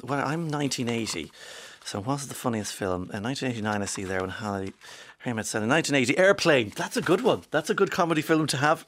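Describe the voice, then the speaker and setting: A man's voice: lowish voice, a bit bright, dry recording. An Irish man in his forties hosting a radio show, chatting wryly and reading out listener texts. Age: 40s. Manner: chatty and wry, with quick asides. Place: radio studio.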